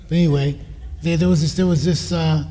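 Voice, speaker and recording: Mellow-voiced man in his sixties preaching. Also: fairly high pitch, steady tone, brisk. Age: 60s. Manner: anecdotal, quotes family in his own voice. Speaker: speaker at a church. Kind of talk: sermon on parenting. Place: church sanctuary. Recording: reverberant church hall.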